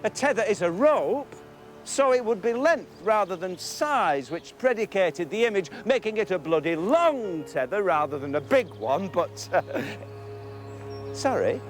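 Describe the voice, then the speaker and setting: Fussy pedantic businessman, played by a man, very high voice with lively swings. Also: a little slow, faint music behind. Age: middle-aged. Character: pedantic fussy middle-aged businessman Angus. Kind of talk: stage play.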